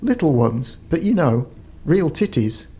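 A man voicing a brash, teasing young woman with a deep northern voice in a spoken story, pitched above his own voice. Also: big pitch swings, a little slow, mellow, breathy edge, full character voice. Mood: gossipy.

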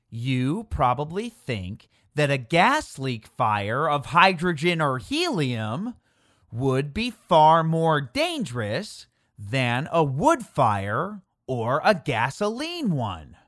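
Slow chatty history narrator, talks right at you, voice goes up and down a lot. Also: mid-range voice, huge pitch swings, a bit bright, no echo, clean studio sound. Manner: unhurried, addresses listeners directly.

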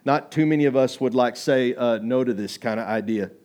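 A man preaching a sermon as pastor, talking in a conversational, animated way, acting out quoted voices and building to emphatic points. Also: mid-range voice, fairly quick.

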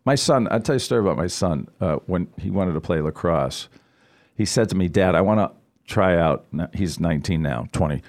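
A middle-aged man, a guest on a radio talk show, telling stories in a casual, animated way and acting out the people he quotes. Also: low voice, fairly quick. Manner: animated storyteller, acts out quoted voices. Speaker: guest, financial advisor.

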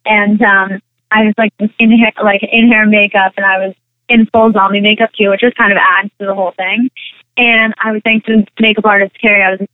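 A woman's voice: mid-range voice, brisk, no echo. Young woman guest rambling thru a story, likes and ums everywhere, thin phone-line sound. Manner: rambling, full of "like" and "um", animated retelling. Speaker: interview guest, actress and singer. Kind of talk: casual interview chat.

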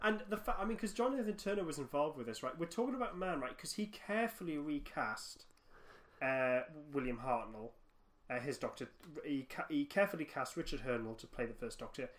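A man co-hosting a casual podcast, animated and often laughing, breaking off and restarting his sentences. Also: fairly high pitch, a little fast. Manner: laughing, animated, self-interrupting. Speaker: podcast co-host. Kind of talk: casual fan podcast chat.

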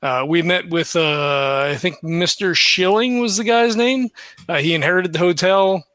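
A man's voice: sits high, unhurried, bright, forceful tone, no echo. A man casually recapping the last session of a tabletop game for a podcast, loose and full of fillers. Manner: loose, filler-heavy, laughs easily.

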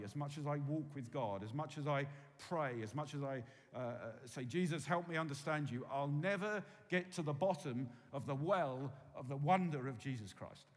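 Man, preacher, lively pitch, echoing church hall, loud then hushed. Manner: animated, swings from loud emphasis to hushed tones. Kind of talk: sermon. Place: church hall with long reverb. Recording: reverberant hall.

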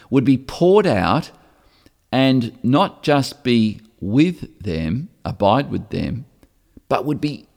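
A male pastor delivers his sermon in an earnest, conversational way. He circles back to repeat key phrases and now and then stumbles over a word. His mid-pitched voice rings out in a big hall with a long echo trailing each phrase. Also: darkish tone. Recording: long reverb of a large hall.

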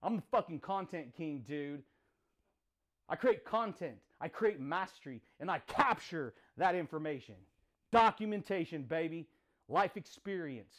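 A man's voice: on the high side, animated, unhurried. A man hosting a podcast, giving an intense, profane motivational monologue in punchy, repeated phrases. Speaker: podcast host.

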